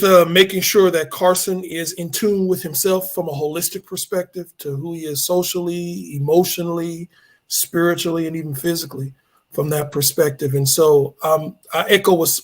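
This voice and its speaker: A man speaking as a podcast guest, earnest and measured, with fairly formal wording. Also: on the high side. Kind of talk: casual podcast conversation.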